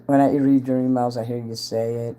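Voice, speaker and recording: A man's voice: mid-range voice, little pitch movement, normal speed, mellow, clear, resonant tone. A man, a self-styled entertainer, rambling casually on a livestream, greeting viewers by name and chatting about whatever comes to mind.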